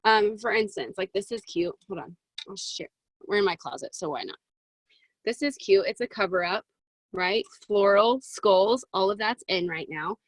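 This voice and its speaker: A woman in her twenties giving a chatty, excitable motivational talk to a sales team over a video call from her closet, with plenty of "um" and "right?". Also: mid-range voice, moderate pace, dry recording, rough recording. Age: 20s. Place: home walk-in closet.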